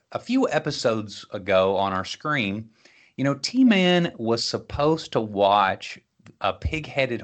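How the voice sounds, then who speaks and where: A man hosting a casual movie podcast, upbeat as he introduces the segment. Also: fairly low pitch. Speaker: podcast host.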